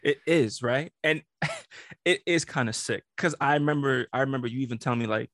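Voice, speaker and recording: A man's voice: mid-range voice, normal speed, fairly bright tone. A man co-hosting a podcast, talking casually and reflectively with some profanity. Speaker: podcast co-host.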